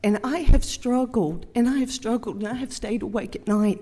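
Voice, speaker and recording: A woman's voice: a little high, dark tone. Tearful older Southern woman in church. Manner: halting, heartfelt, many fillers. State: near tears, tearful. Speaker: church speaker. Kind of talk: personal Mother's Day talk. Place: church sanctuary. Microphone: handheld microphone. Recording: long church hall reverb.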